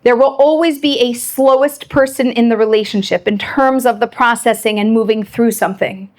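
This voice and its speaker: A woman giving a lively Torah lecture, acting out bits of quoted dialogue as she explains. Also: a little high, normal speed. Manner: animated, acts out quoted dialogue.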